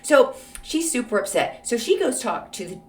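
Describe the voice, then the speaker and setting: A woman's voice: on the high side, big pitch swings, normal speed, faint music behind. A woman hosting a casual solo podcast, answering an advice letter in a snarky, gossipy storytelling way with lots of fillers. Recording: roomy echo, voice off-mic.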